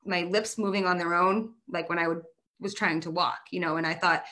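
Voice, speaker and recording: A woman's voice: on the low side, fairly even intonation, brisk, bright, forceful tone. A woman guest on a podcast, telling a long story in an earnest, emotional way, with run-on sentences that tumble one into the next. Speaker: guest, marathon runner.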